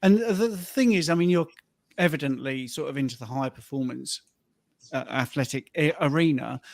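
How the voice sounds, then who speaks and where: A man's voice: fairly high pitch, moderate pace, vocal fry, dry recording, studio quality. A man, a fitness coach co-hosting a live stream, chatting casually and telling stories about his clients. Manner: storytelling, acts out quoted voices.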